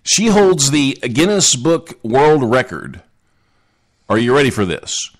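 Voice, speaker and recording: A man's voice: medium pitch, big pitch swings, slow. A man hosting a casual live podcast, joking and chatting with listeners in the chat. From Southern United States. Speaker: podcast host.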